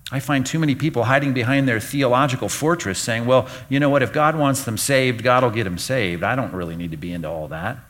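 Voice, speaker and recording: A middle-aged male pastor preaching a sermon, emphatic, swinging between loud and quiet. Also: medium pitch.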